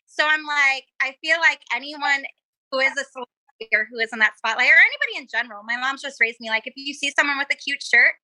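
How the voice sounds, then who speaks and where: A woman's voice: high-pitched, lively intonation, fast talker, bright, forceful tone, no room sound, low-quality recording. A young woman, a cosplayer guest on a casual podcast, telling stories in a bubbly, giggly way and acting out quotes.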